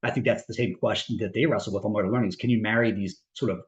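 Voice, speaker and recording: This mental performance coach speaks rapid-fire in a lowish, fairly even voice, captured on a reverberant, poor-quality recording. Reflective and prone to fillers and restarts, he tells a story as part of a long podcast explanation.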